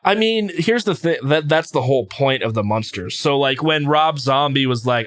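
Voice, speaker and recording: A man co-hosting a podcast in casual chat, joking, quick to laugh and opinionated. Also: mid-range voice, lively intonation, fairly bright tone, dry recording, clean studio sound. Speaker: podcast co-host.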